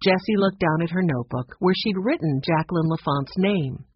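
A narrator reading a children's mystery story aloud in a steady, expressive way. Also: mid-range voice, normal speed, slightly rough. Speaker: audiobook narrator. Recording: dull, slightly lo-fi dry recording.

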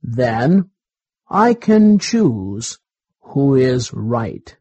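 A man voicing a calm, wise male monkey who acts as judge in a children's storybook reading. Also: medium pitch, extremely slow, breathy edge, no room sound, voice pushed down, heavily acted.

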